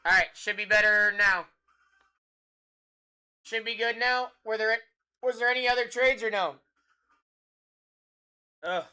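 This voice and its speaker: Casting: relaxed, chatty live stream break host with a bright, crisp voice. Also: mid-range voice, a little slow, pauses often. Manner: relaxed, chatty, addresses viewers directly. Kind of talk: casual live stream chat.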